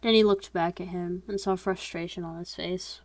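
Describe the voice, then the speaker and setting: A woman's voice: fairly low pitch, fairly even intonation, normal speed, a little mellow, dry recording. A young woman reading her own story aloud in an unedited, casual way, voicing narration and dialogue in her own voice and breaking off to comment on her slips.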